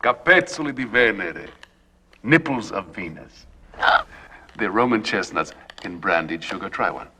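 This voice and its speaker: An actor playing a sly, courtly older court composer who talks in a smooth, ingratiating way and savors his words. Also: lowish voice, animated, a little slow, bright, forceful tone, slight background noise, exaggerated voice.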